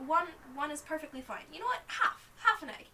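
A woman's voice: high-pitched, lively intonation, fairly quick, bright, forceful tone, slight background noise, voice pushed up, poor audio. A woman playing a shy, overly polite young half-orc paladin who hesitates and stammers, in an improvised tabletop game. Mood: flustered. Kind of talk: improvised tabletop role-play.

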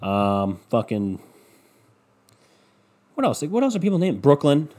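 A man's voice: on the high side, big pitch swings, measured pace, a little mellow. Young guy ranting solo on a podcast, swearing a lot, all over the place, sarcastic. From Cleveland. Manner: scatterbrained, profane, sarcastic ranting. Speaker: podcast host. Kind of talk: rambling solo podcast monologue. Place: home room with windows open.

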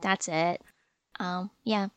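High-pitched girlish young woman, dry sound. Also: steady tone, clean tone, dry recording. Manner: quick, giggly, self-conscious chat. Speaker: podcast co-host. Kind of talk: casual chat.

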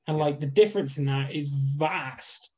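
Male co-host, slightly high voice, casual and sweary. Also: fairly even intonation, measured pace, a little mellow. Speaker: podcast co-host. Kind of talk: casual chat.

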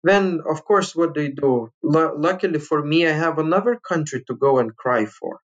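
A man from Lithuania telling a personal story, animated and full of restarts, acting out the people he quotes. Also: on the high side, normal speed, muffled recording. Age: adult father. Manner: animated, acts out quoted voices, frequent restarts. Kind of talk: personal story told to listeners.

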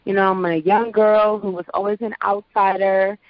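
A woman in her thirties with a low voice for a woman, a lively guest telling her story in a casual interview. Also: normal speed, no room sound. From Prince George's County, Maryland, US. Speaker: actress and voice-over artist, guest. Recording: dull lo-fi audio.

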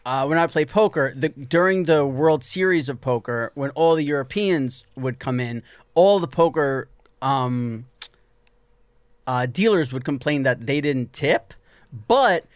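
A man's voice: mid-range voice, animated, measured pace, no room sound. A young man co-hosting a casual podcast, telling stories with lots of laughter and restarts. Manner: laughing, storytelling with false starts. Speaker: podcast co-host. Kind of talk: casual chat.

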